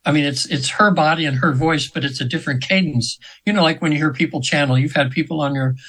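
A man's voice: fairly high pitch, fast, a bit bright, low-quality recording. A man in his seventies, a hypnotherapist telling a story as a guest in an interview, earnest and rambling with many restarts. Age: 70s.

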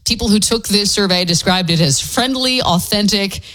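A woman's voice: mid-range voice, normal speed, fairly bright tone. A woman from Georgia with a Southern accent, hosting a radio show in a chatty way, breaking off into asides and correcting herself. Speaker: radio host. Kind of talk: casual radio talk.

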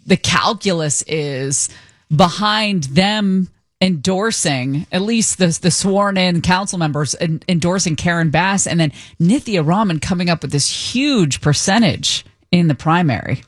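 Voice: mid-range voice, expressive, no echo. Radio co-host reading the news. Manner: brisk newsreader delivery, then opinionated musing. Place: radio studio. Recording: dry studio mic.

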